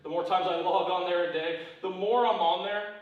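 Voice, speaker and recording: Guy pastor preaching casual, repeats himself a lot, goes low and quiet for the big points, super echoey church sound. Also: steady tone, normal speed, far from the mic, muffled recording. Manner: conversational preaching, repeats phrases, asks "right?" often. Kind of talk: sermon. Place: church sanctuary.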